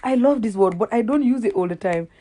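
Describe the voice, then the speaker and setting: Slight background noise sits beneath this warm, expressive voice, pitched on the high side and moving quickly. A Gambian vlogger whose first language is Wolof, she delivers a casual reaction rant, laughing at herself often and repeating words while she gropes for them.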